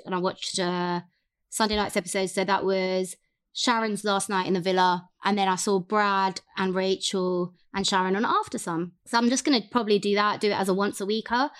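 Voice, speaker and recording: Woman podcast co-host, chatty and animated, casual banter. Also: medium pitch. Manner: chatty, animated, lots of quoted voices. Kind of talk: casual chat.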